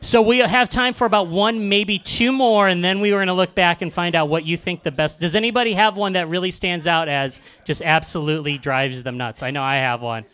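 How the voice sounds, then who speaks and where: A man's voice: sits high, brisk, few pauses, a bit bright, smooth. A man hosting a live comedy roast in a club, bantering with the crowd and mocking what he reads aloud. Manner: sarcastic, mock-reading lines aloud. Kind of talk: stand-up banter with the audience.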